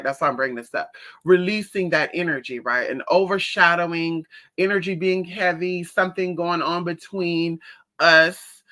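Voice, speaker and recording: Sassy woman chatting on a livestream. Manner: sassy, animated storytelling with big pitch jumps when quoting people. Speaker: livestream host. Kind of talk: casual livestream chat.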